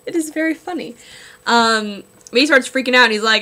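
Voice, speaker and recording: A woman's voice: fairly high pitch, steady tone, fairly quick, sharp tone. A woman giving a casual spoken comic book review, chatty and sarcastic, with lots of ums and likes.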